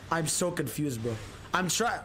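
A man streaming a video game, commenting excitedly, swearing freely and calling everyone "bro.". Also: on the high side, a little slow. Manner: excitable, profane, says "bro" constantly. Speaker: gaming streamer. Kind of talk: excited let's-play commentary.

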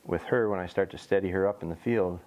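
Talking fast in a low voice, a bird dog trainer gives casual vlog commentary on his work with a young dog outside. The audio sounds dull.

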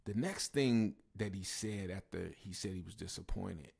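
A man's voice: deep voice, measured pace, creaky, hardly any pauses, darkish tone, husky. A man, a pastor and musician, telling a personal story in a conversational way, repeating himself for emphasis. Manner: conversational, with fillers and repeated phrases.

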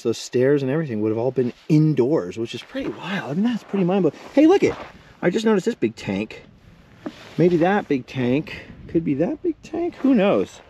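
A man's voice: medium pitch, slight background noise. A middle-aged man, out of breath, chatting in a rambling vlog while hiking outdoors at old ruins. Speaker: vlogger. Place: outdoors at a desert mine ruin.

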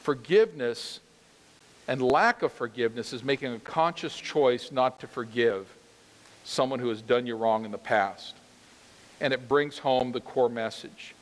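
A man preaching a sermon to his congregation, animated and emphatic, asking them questions directly. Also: mid-range voice, a little slow, in a large hall. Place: church sanctuary.

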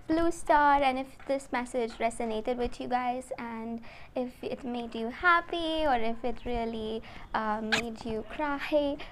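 A woman giving a casual tarot reading, talking gently and emotionally to her viewers. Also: fairly high pitch, unhurried, a little hiss or hum. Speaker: tarot reader.

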